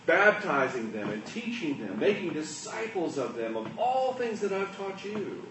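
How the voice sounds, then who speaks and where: Male pastor, high and very lively voice, slow and emphatic delivery, hushed to loud, echoey room picked up from a distance. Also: noisy background. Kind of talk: sermon.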